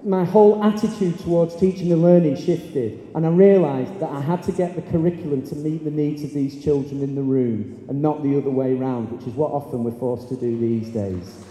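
Male teacher in his forties, high light voice with a mellow dark tone, lively storyteller, recorded in an echoey hall. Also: moderate pace, a little hiss or hum. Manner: animated, acts out pupils' voices. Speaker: teacher giving a talk. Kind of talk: storytelling speech on stage. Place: large hall or stage. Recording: echoey hall, long reverb.

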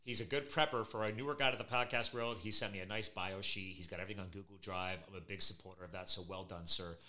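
A man's voice: sits low, fast talker. A middle-aged man hosting a podcast, chatting casually and telling stories with energy and laughter. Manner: energetic, animated storytelling with laughs. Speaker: podcast host.

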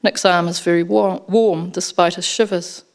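A woman's voice: lowish voice, steady tone, normal speed. Woman narrating an audiobook.

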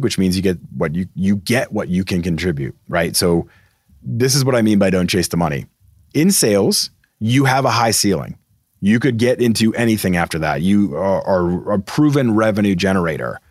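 A man's voice: on the low side, husky, no room sound, clean studio sound. A man from Massachusetts hosting a career advice podcast, talking emphatically and putting rhetorical questions to his listeners. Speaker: podcast host.

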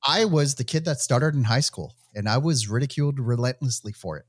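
A man's voice: mid-range voice, animated, a little fast, husky, no room sound, clean studio sound. Chatty Midwestern man hosting a podcast. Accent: Midwestern American. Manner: chatty, many "you know" fillers. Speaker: podcast host.

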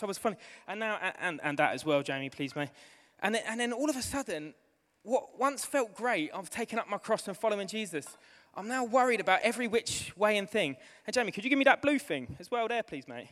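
A man preaching a sermon to his church, excitable and building to fervent shouting, with a live demonstration. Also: sits high. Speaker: pastor. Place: church hall. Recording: long hall reverb with music behind.

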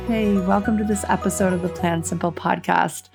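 A woman with a raspy, hoarse voice, hosting her podcast in a chatty, reflective monologue. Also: fairly low pitch, steady tone, normal speed, over music. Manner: chatty and reflective, with frequent "like" fillers. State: hoarse, voice going. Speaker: podcast host.

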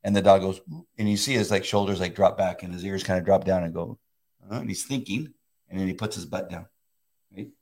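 A man in his fifties co-hosting a casual faith chat, excitable and laughing often, often restarting mid-sentence. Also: sits low, fast talker. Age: 50s. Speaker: co-host.

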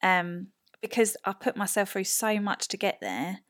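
A woman's voice: medium pitch, lively intonation, a little slow, fairly bright tone. A woman in her thirties, a podcast guest, telling a personal story in casual chat and acting out the people she quotes.

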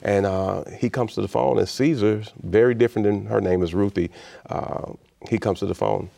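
A man's voice: on the low side, steady tone, normal speed, creaky, warm tone. A middle-aged man from Chicago, a guest in an interview, tells a personal story with animation and acts out the voices of the people in it. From Chicago, United States. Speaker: interview guest, state official.

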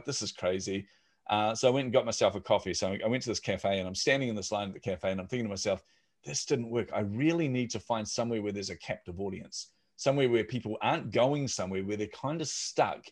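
A man, a startup founder telling stories casually on a podcast and acting out the voices of the people in them. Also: medium pitch. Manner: animated, acts out quoted voices. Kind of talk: casual storytelling.

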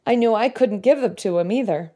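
A woman giving an earnest, reflective devotional talk, reading song lyrics slowly and thoughtfully. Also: fairly high pitch, mellow. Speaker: Christian speaker.

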